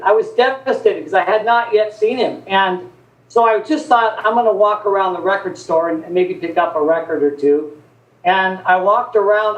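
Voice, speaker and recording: High-voiced man telling a story. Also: roomy sound, poor audio. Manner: animated storyteller acting out quotes. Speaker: guest. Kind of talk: casual storytelling chat.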